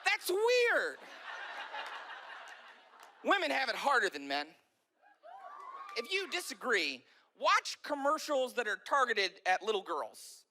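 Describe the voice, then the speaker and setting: A male stand-up comedian telling jokes in an animated way, often acting out voices. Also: very high-pitched, unhurried, a little hiss or hum.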